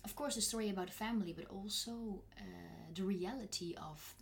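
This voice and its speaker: A woman in her twenties with a Dutch accent, a voice actress talking in a relaxed interview, soft-spoken and often dropping to a near whisper. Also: mid-range voice, a little fast, slight background noise. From Netherlands. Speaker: voice actress and singer. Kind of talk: casual interview chat.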